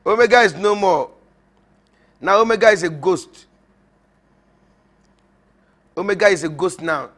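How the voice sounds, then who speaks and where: A bright, high-pitched male preacher addresses his viewers in a loose, rambling sermon. He mocks, laughs often and hammers points home by repeating them. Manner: mocking, laughing, emphatic; repetitive, rambling. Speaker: prophet.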